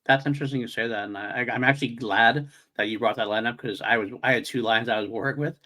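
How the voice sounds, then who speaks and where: A man with a bright, forceful voice talks through a fan podcast review as co-host. He is eager and chatty, and he often laughs while acting out favorite lines. His pitch sits in the usual middle for a man. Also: quick pace. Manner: excited, laughs while quoting scenes.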